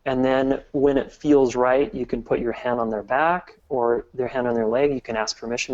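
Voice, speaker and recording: A man speaking in a relaxed interview, working through his points one step at a time and often restarting a phrase. He has a mid-range voice. The recording sounds dull and a little lo-fi. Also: mid-range voice, normal speed, hardly any pauses. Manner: earnest, explains step by step with many restarts. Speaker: guest relationship expert. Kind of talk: casual interview talk.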